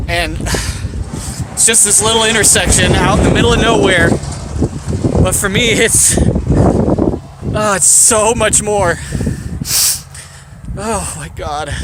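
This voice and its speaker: A man narrating his bicycle tour in a casual, excitable vlog, talking to the camera outdoors on a mountain route. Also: a little high, heavy background noise. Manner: excitable, chatty storyteller. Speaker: bicycle touring vlogger.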